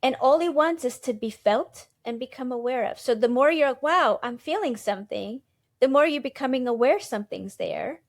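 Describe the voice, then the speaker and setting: A woman with a fairly high voice in a podcast chat. She explains things gently with simple analogies and keeps affirming the other speaker. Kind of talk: casual podcast conversation.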